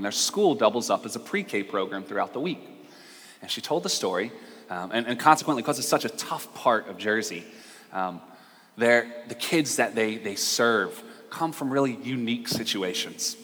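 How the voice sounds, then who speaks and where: Bright-voiced male preacher in a hall. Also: mid-range voice. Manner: storytelling, acts out voices in anecdotes. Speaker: pastor. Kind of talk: sermon. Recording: long hall reverb.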